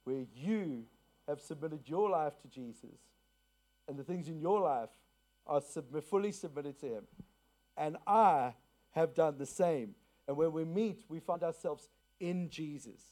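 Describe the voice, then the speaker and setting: Earnest mellow-voiced male preacher. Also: fairly high pitch, a little slow. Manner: earnest, repeats key phrases, asks congregation questions. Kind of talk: sermon with personal story. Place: church to a congregation.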